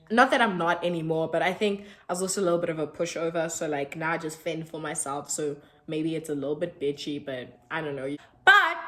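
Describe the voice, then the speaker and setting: A woman in her twenties with a South African accent, telling a personal story in a chatty, animated way and acting out the dialogue. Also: mid-range voice. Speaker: vlogger. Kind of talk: storytime vlog.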